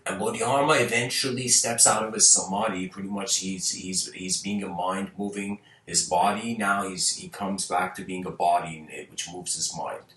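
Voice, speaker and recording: Low-voiced, rambling spiritual teacher. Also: male voice, fairly even intonation, moderate pace, hardly any pauses, fairly bright tone. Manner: rambling, many restarts and "you know"s. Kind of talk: casual talk answering viewer questions. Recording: roomy, distant mic.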